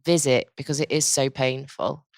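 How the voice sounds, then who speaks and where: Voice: medium pitch, normal speed, vocal fry, no echo, clean studio sound. An interviewer asking questions and reacting to a guest's story. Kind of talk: casual interview.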